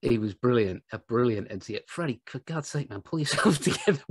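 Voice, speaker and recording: A man's voice: medium pitch, animated, fast talker, few pauses, slightly rough. A man joking, swearing and laughing in casual chat with castmates, heard over a video call. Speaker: actor on a cast reunion panel.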